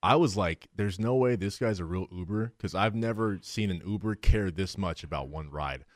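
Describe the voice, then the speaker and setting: A man excitedly retelling a story with friends, jumping in and loudly acting out quotes. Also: deep voice, normal speed, dry recording. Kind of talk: casual storytelling chat.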